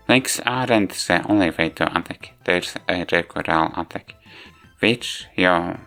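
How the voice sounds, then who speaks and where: A man narrating a video game review, halting often and restarting words as he goes. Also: low-pitched, a bit bright. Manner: halting, frequent restarts and self-corrections. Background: faint background music.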